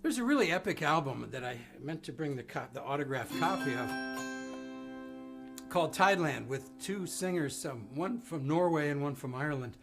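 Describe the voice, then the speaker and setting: Male folk musician, gravelly voice, rambling and self-deprecating, guitar behind. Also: fairly high pitch, lively intonation, moderate pace. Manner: rambling, self-deprecating storytelling with many ums. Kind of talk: casual song introduction on live stream. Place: home studio. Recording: live music stream with guitar.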